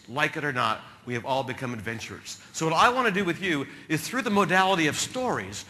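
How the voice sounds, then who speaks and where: A man from New Jersey telling comic adventure stories as a keynote speaker, with sudden loud bursts. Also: a little high. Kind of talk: storytelling keynote speech.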